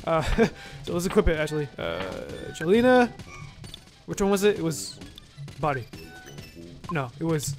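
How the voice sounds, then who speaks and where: A man with a high voice talks his way through a video game in relaxed let's-play style. He rambles to himself and drops mild swears. Soft game music plays faintly underneath. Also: normal speed, long pauses. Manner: loose, chatty, with mild swearing and self-talk. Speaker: gaming video host. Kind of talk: casual let's-play commentary.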